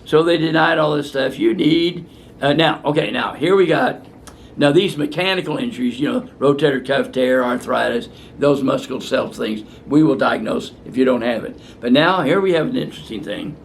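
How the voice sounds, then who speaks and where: A man's voice: medium pitch, fairly quick, creaky, slight background noise. An older male physician answering viewer questions in a blunt, fiery and profane way, ranting at length. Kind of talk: unscripted question-and-answer talk.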